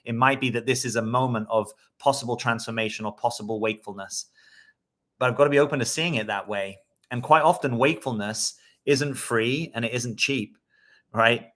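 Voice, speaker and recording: A man's voice: medium pitch, fairly bright tone. A man working as a dating coach, talking in a reflective, conversational way on a live stream and answering viewer comments, often checking in with his listeners.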